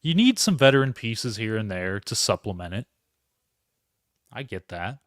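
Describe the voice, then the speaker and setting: A man's voice: on the low side, big pitch swings, normal speed, a bit bright, dry recording, studio quality. A man hosting a live solo sports reaction stream, rambling, interrupting himself and talking to his chat. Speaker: podcast host.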